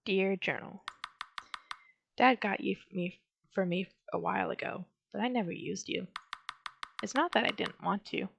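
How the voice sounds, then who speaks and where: A woman's voice: medium pitch, moderate pace, vocal fry, pauses often, highs cut off, a little hiss or hum. A woman doing a shy scarecrow boy. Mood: journal reading.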